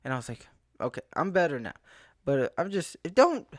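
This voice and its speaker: A man's voice: mid-range voice, lively intonation, fairly quick, no echo, studio quality. A young man ranting casually to the camera, rambling and exasperated, often acting out what he said to people. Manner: rambling, exasperated, restarts and quoted asides. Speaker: vlogger. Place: outdoors in a town, then home.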